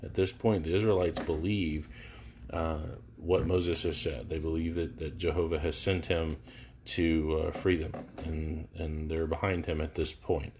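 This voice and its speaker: A man's voice: a bass voice, flat delivery, unhurried, a little mellow, a little hiss or hum. A man leading a live verse-by-verse Bible study, talking casually with many fillers and restarts. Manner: casual, thinking aloud with frequent fillers and restarts.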